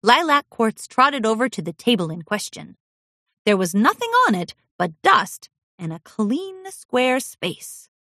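A woman narrating a children's storybook aloud in an expressive, animated reading style. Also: fairly high pitch, measured pace, dry recording, clean studio sound.

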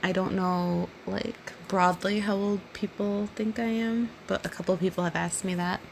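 A drunk woman in her thirties answering listener questions in a casual solo monologue, giggly and rambling, often dropping to a soft near-whisper. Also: mid-range voice, fairly even intonation, normal speed, creaky, a little hiss or hum. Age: 30s.

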